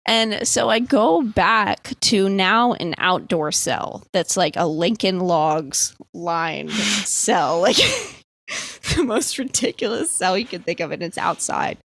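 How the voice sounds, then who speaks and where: A woman's voice: mid-range voice, animated, takes it slowly, a bit bright, dry recording. A young woman from the East Coast telling a dream story in casual podcast chat, full of "like" and freely swearing. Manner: rambling, filler-heavy, swears freely. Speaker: podcast guest.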